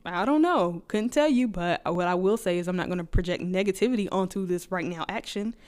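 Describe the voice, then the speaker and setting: A woman vlogger chatting casually to camera, talking fast and rambling, laughing often, energized on caffeine. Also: fairly low pitch, darkish tone, clean tone.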